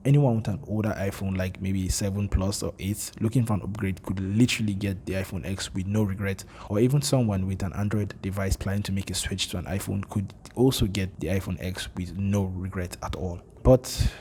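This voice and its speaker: Deep-voiced man from Nigeria, slightly monotone. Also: brisk, hardly any pauses, slight background noise. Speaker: tech reviewer. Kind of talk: scripted tech review voice-over.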